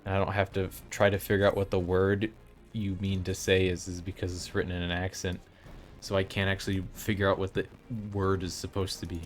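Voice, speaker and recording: A man's voice: deep voice, completely flat delivery, brisk, soft background music. Chatty young man streaming a game. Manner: chatty, opinionated, rambling with restarts. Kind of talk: casual live-stream chat while playing.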